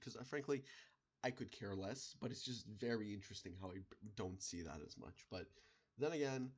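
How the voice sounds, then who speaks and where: A man in an unscripted solo monologue, rambling and halting, with many restarts, fillers and the odd swear word. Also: fairly low pitch, slightly rough. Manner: swears in passing. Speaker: video creator.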